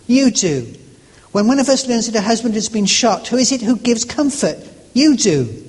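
A preacher voicing a group of fellow women prisoners who gently and insistently reassure a friend with repeated questions. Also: male voice, very high voice, sing-song, moderate pace, slightly rough, voice pushed up, exaggerated voice. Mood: tender, insistent. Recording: long reverb of a large hall.

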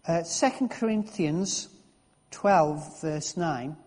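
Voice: medium pitch, slow pace, a little mellow, long reverb tail. A preacher giving a conversational sermon, often restarting and repeating words.

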